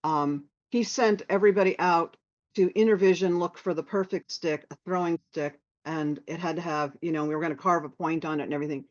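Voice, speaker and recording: A woman telling a personal anecdote in a casual, animated way, acting out what others said. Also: low-pitched, a little fast. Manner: animated, quoting others in lively voices. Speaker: storyteller sharing memories. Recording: dull lo-fi sound.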